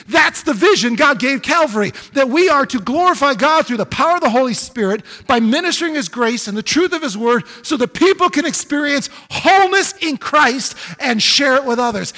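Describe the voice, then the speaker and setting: A man's voice: extremely high pitch, pushed and bright, big-room sound. A man pastor preaching a sermon, building to emphatic exclamations. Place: church sanctuary.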